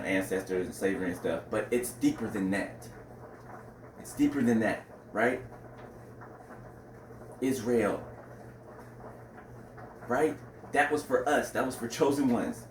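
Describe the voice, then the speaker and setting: A man talking casually to the camera about faith, rambling, asking "right?" often and now and then breaking into loud outcries. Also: mid-range voice. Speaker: religious vlogger. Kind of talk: casual religious talk to camera. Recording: roomy, distant mic, faint background noise.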